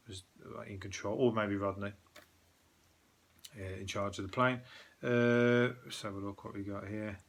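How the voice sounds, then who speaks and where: A man from Birmingham, England, hosts a newspaper review as a casual chat, sweary, sarcastic and rambling, in a Birmingham accent. His voice is lowish with a fairly bright tone.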